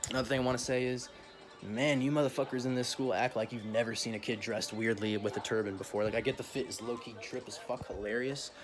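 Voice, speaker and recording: A man's voice: mid-range voice, steady tone, fast talker, over music. A young man vlogging a casual, profane rant full of slang, often laughing as he talks.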